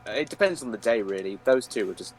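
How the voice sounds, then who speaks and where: A man's voice: lowish voice, animated, fast talker. A man on a live podcast call, talking in a casual, enthusiastic way with hesitant starts. A faint hum of noise sits behind his voice. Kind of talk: casual chat.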